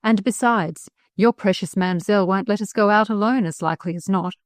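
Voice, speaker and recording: A contrary young schoolboy, as a woman narrator voices him in a storybook, dismissive and quick to contradict. The voice is at a middle pitch and recorded dry. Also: no echo, lightly acted.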